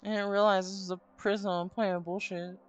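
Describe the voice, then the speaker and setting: A woman's voice: medium pitch, little pitch movement, brisk, muffled recording. A woman hosting a live stream, chatting casually and telling a long, rambling story with some swearing. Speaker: streamer host. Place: home stream room. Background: faint spooky music.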